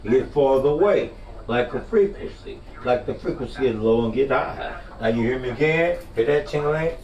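A man's voice: medium pitch, normal speed, gravelly, a little mellow, dull audio. Man talking casually on a porch. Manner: demonstrating echo while walking away. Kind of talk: casual monologue. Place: outdoor porch.

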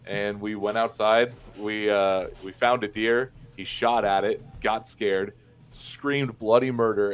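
A podcast guest from Indiana, USA, with a low, clear, resonant voice tells personal stories candidly and profanely. His casual interview storytelling is full of fillers and restarts.

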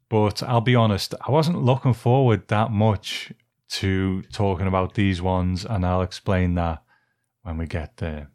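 A man co-hosting a film podcast, easygoing and quick to laugh as he recaps a film's plot. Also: on the low side, darkish tone. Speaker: podcast co-host. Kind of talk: casual chat and reading a plot summary.

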